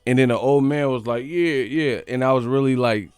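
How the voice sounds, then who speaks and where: A man's voice: medium pitch, normal speed, a little mellow, clean tone, no echo, studio quality. Slangy man riffing to his live chat. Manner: slangy, rambling, talks straight to chat; laughs often. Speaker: boxing channel host. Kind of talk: casual live-stream commentary.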